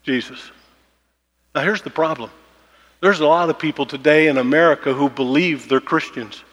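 A pastor preaching a sermon, with emphatic repetition and a slowdown on key phrases. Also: male voice, on the high side, fairly bright tone. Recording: long hall reverb.

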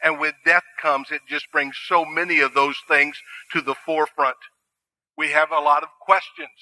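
A man's voice: fairly high pitch, little pitch movement, moderate pace, sharp tone, low-quality recording. A middle-aged man preaching a sermon, earnest and conversational with dry asides. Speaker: pastor.

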